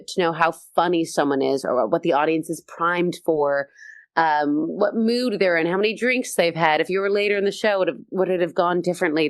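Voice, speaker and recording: A Canadian woman comedian in a casual interview, telling stories with energy and quick restarts. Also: fairly low pitch, no room sound, studio quality. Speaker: comedian guest.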